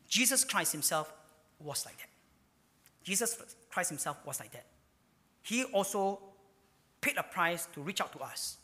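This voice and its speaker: Male pastor, emphatic sermon delivery, voice a touch high, hall echo. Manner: emphatic preaching, with sudden swings between loud and hushed. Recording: hall reverb.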